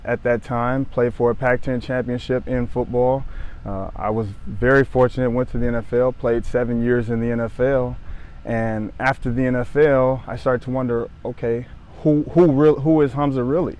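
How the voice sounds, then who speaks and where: A man's voice: mid-range voice, darkish tone, smooth. A man in his thirties from Southern California, a former pro football player, telling his own story to the camera in an earnest, reflective way, often repeating phrases and restarting. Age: 30s. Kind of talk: personal testimony to camera.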